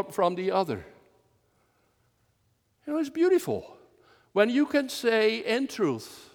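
A man preaching an earnest sermon as minister, slow and measured, rising to strong emphasis at times. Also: high-pitched, big-room sound. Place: church.

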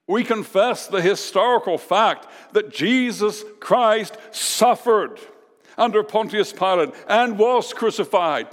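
A man preaching a sermon as pastor, emphatic, with dramatic pauses and repeated lines. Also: high voice, in a large hall.

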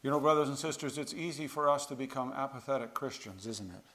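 A man preaching a sermon to a congregation, earnest, building to louder emphasis on key phrases. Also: medium pitch, fast talker.

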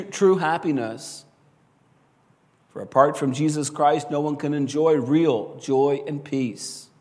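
A man preaching a sermon in an earnest, measured way, often quoting scripture and rising to stress key words. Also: on the high side, long reverb tail.

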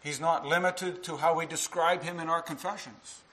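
A man's voice: on the high side, moderate pace, few pauses, bright, forceful tone, poor audio. A male minister preaching a sermon to his congregation, earnest and full of rhetorical questions.

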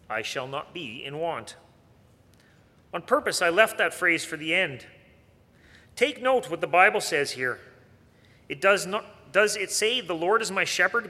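High, bright-voiced preacher in a reverberant hall. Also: male voice. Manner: earnest preaching with rhetorical questions. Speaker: pastor. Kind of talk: sermon.

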